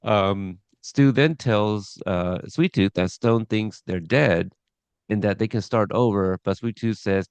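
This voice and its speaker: Man, podcast host, casual episode recap, smooth resonant voice, dry close sound. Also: on the low side, slow pace, darkish tone, dry recording. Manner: rambling, chuckling, reads scene notes aloud.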